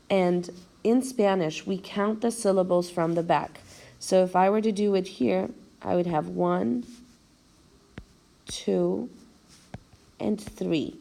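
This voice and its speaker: A woman's lowish, warm voice with a creaky edge leads this recorded video lecture on language. The teacher moves step by step, slowly and carefully counting out syllables.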